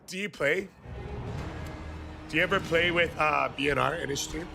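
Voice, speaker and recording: Hyped-up gravelly male streamer. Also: fairly high pitch, normal speed, music in the background. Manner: loud hype shouting, swears freely. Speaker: gaming streamer. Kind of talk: live stream chat and gameplay commentary.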